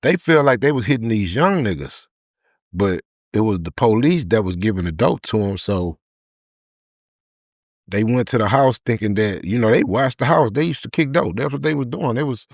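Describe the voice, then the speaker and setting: A man, a podcast guest telling a candid personal story in an emotional, halting way with many repeated words. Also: mid-range voice, animated, no room sound, clean studio sound.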